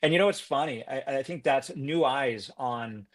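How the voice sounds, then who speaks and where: A man's voice: medium pitch, normal speed. A man talking as a podcast guest in an upbeat, earnest way, peppering his speech with fillers. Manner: upbeat, earnest, lots of "you know" fillers. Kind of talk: casual conversation.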